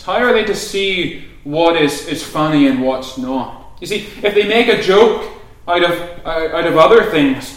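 Male preacher, earnest, rising to urgent shouts; somewhat high voice, heavy room echo. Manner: earnest, builds to loud urgent calls. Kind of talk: sermon. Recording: very echoey room.

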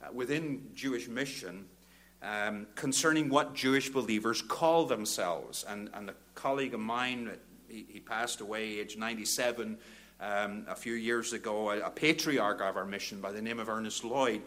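An older man preaches a sermon. His voice is bright and forceful, and he swings between low, thoughtful passages and rising, ringing appeals. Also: moderate pace, slight background noise. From Northern Ireland. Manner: builds from quiet reflection to loud fervent exhortation.

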